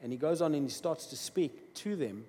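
A man preaching a sermon, emphatic, swinging between loud bursts and quiet asides. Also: on the high side, animated, normal speed, slightly rough. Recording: long reverb of a large hall.

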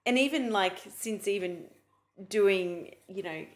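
A woman's voice: mid-range voice, animated, slow pace. A woman co-host chats casually on a faith podcast. She pokes fun at herself with sarcastic asides. She keeps the tone light and candid. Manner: playful, self-mocking, sarcastic asides. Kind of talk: casual Christian podcast chat.

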